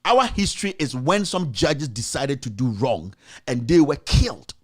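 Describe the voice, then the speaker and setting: A man's voice: mid-range voice, animated, moderate pace, a little mellow, slightly rough. A man with a Ghanaian accent giving passionate political commentary as a talk show host, answering his critics directly with repeated rhetorical questions. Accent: Ghanaian English.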